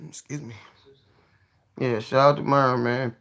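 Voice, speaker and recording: A man hosting a casual livestream, talking to his viewers in a profane, excitable way that swings from low mumbling to sudden yelling. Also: takes it slowly, pauses often. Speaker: livestream host.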